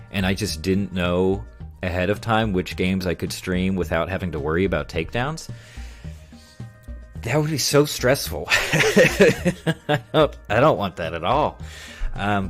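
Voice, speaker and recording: A male streamer in casual chat, rambling along, reading viewer comments aloud and chuckling often. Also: sits low.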